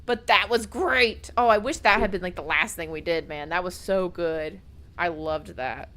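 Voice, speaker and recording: A woman's voice: lowish voice, normal speed, fairly bright tone. A young woman streaming a game from home at a desk mic, gushing and emotional, baby-talking to her pets. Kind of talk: gaming livestream chat. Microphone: desk microphone.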